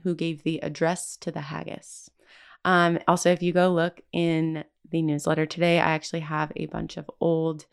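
A woman's voice: on the low side, vocal fry, clear, resonant tone. A woman hosting a podcast, reading a scripted local history narration with occasional casual asides. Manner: reads from a script with quotes and asides. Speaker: podcast host.

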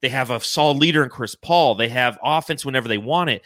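Podcast host, male, bright forceful voice, excited and profane, dry close mic. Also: mid-range voice, quick pace, no echo. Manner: excited, swears freely, reads donations aloud. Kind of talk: casual fan podcast chat.

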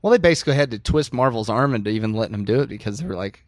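A man's voice: mid-range voice, animated, very fast, dry recording. A man co-hosting a movie podcast, answering with short, wry remarks. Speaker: podcast co-host. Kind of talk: casual movie podcast chat.

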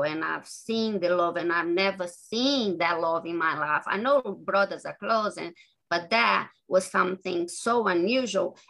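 Interviewed as an author, this earnest woman stumbles along, frequently starting her sentences over. She has a bright, forceful, mid-range voice with a creaky quality, captured in a rough recording.

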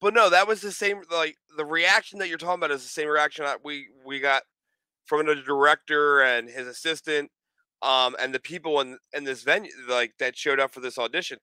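Bright-voiced man telling stories animatedly. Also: on the high side, brisk, smooth, no room sound. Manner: animated storyteller, acts out quotes. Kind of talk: casual chat.

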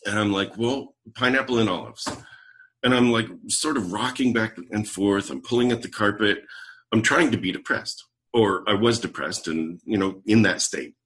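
Speaking at a normal pace in a lowish voice, a middle-aged man who's a leadership coach shares a personal anecdote as a podcast guest. He's an animated storyteller, performing the quoted dialogue of the people involved.

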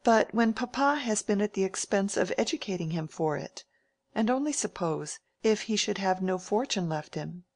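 Woman narrator doing a prim, mild young lady from a period storybook, genteel and plaintive, pitched up from the reader's own low voice. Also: lively intonation, normal speed, darkish tone. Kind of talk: audiobook character reading.

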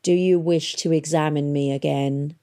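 Woman putting on a grating cyborg killer, cold and measured, dark gravelly voice, audiobook. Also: sits low, fairly even intonation. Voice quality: grating, sharp. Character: cold menacing male cyborg hunter. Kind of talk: audiobook character voice.

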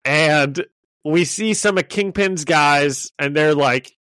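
A man's voice: on the high side, takes it slowly, fairly bright tone, clear, resonant tone, no echo. A man co-hosting a podcast, chatting and laughing as he recaps a comic, often restarting his sentences. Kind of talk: casual chat.

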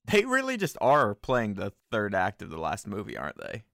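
A man chatting casually at a desk microphone as he watches a movie, tossing out joking, animated asides. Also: lowish voice, moderate pace, gravelly, no room sound, clean studio sound.

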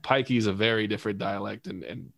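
A man's voice: lowish voice, quick pace, vocal fry, a bit bright, dry recording. A man co-hosting a casual podcast chat, rambling with stumbles and restarts and laughing often. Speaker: podcast co-host.

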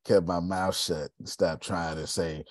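A man hosting a casual podcast conversation, animated and preachy, dropping low and quiet for emphasis. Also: unhurried, no echo. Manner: animated, preachy, drops pitch and volume for emphasis. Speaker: podcast host.

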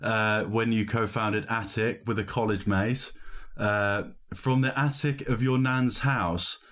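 Lower-voiced man with a faint northern accent. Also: fairly even intonation, slow, a bit bright. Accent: light northern English. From northern England. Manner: friendly, eager, laughs easily. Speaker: interview host. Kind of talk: casual conversational interview.

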